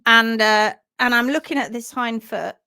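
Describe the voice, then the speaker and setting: Brief: animated woman with a slightly high voice telling a story on a live stream, acting out the sounds. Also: normal speed, clear, resonant tone. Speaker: hoof trimming instructor.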